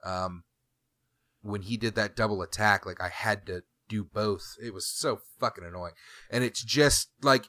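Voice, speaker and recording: A man with a bright, forceful voice recounts his gaming frustrations on a podcast. He swears freely and sounds exasperated, recorded close and dry. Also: on the low side, measured pace, no room sound. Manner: animated, swearing, exasperated storytelling. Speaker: podcast co-host. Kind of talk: casual gaming podcast chat.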